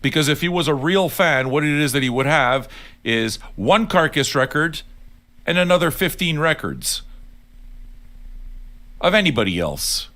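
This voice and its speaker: Older male streamer, fairly high voice with bright tone; blunt, sweary, argumentative casual rant. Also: big pitch swings, measured pace, pauses often. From Neapolitan heritage. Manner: blunt, sweary and argumentative, addressing viewers directly. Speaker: livestream host. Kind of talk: profane casual rant on a livestream.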